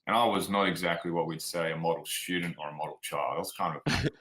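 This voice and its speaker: A man's voice: deep voice, steady tone, fast, bright, forceful tone, low-quality recording. A man with an Australian accent, telling stories frankly as a guest in a casual interview. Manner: frank and plainspoken, drops "like" and "man". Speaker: guest, performance coach.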